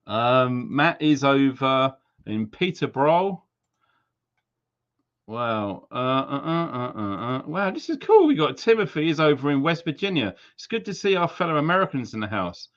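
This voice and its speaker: A Welsh livestream host reads out viewers' names and locations in a chatty, jokey manner, slipping into silly accents. His medium-pitched voice is expressive and fairly bright at a moderate pace, and the lo-fi stream audio sounds slightly dull.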